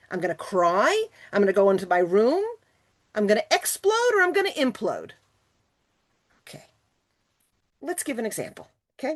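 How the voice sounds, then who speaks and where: Over a video call, a woman gives a motivational talk to a virtual retreat in a voice that sits high. She's animated and coaxes her listeners along with questions.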